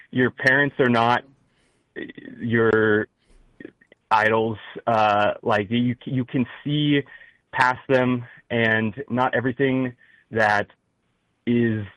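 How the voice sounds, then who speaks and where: A young man with a Midwestern accent, calling in to a talk show and speaking in a halting way full of fillers and restarts. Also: medium pitch, fairly bright tone, no room sound, low-quality recording. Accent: Midwestern American. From rural Midwest. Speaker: caller. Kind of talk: call-in talk show conversation.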